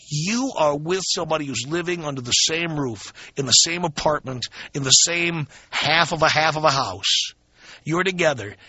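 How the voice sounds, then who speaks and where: On a dull lo-fi radio broadcast, a male talk radio host tells his listeners a frank, emphatic story in a casual, blunt way, full of fillers. His voice is on the high side, sharp-toned and husky.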